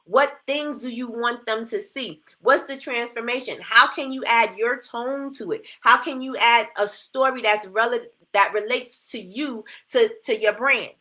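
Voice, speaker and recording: Woman host, bright forceful voice, fairly high, chatty coaching, rhetorical questions, dry mouth from a retainer. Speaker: livestream host. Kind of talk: casual livestream talk.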